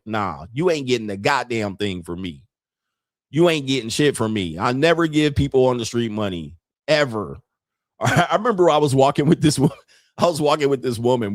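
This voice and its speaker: A man's voice: medium pitch, no room sound. A man hosting a casual commentary show, talking bluntly and profanely and laughing often between points. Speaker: commentary host.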